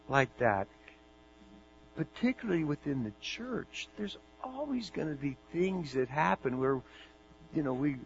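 A middle-aged man, a pastor, preaching a sermon in a conversational storytelling way, often repeating words as he talks. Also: medium pitch. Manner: conversational storytelling, animated and repetitive. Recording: dull recording with faint mains hum.

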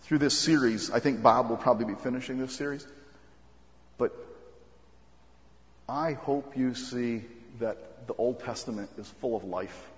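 A man preaching a sermon as pastor, earnest and halting, with frequent ums and restarts. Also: medium pitch. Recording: muffled recording with long hall reverb.

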